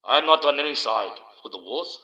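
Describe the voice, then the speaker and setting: A man hosting a livestream alone, rambling and swearing in loose casual banter into a low-placed mic. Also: animated, moderate pace, pushed and bright. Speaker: livestream host. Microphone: low-placed desk mic. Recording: dull lo-fi stream audio.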